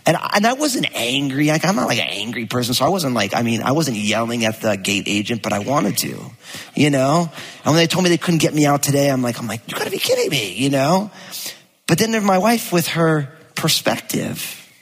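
A man preaching as a pastor, telling a personal story with lively acted-out quotes. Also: mid-range voice, moderate pace, husky. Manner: animated storytelling, acts out quotes. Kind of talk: sermon with personal anecdote. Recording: long hall reverb.

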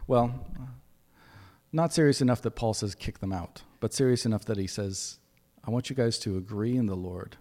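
A man's voice: on the low side, moderate pace, mellow, big-room sound. A man giving a conversational sermon with folksy asides as preacher.

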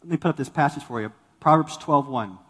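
A man's voice: medium pitch, fast talker, a bit bright, breathy edge, big-room sound. A man preaching a sermon as a pastor to a congregation, talking animatedly and acting out the people he quotes. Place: church sanctuary with congregation.

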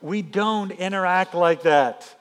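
A man pastor giving a sermon in an animated, emphatic, conversational way. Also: high-pitched, slow, smooth.

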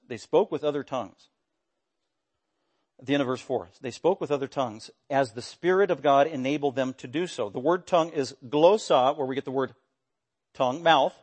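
At medium pitch, a pastor delivers an expository sermon with animation and emphasis, his voice rising in bursts. He sometimes puts on voices when quoting.

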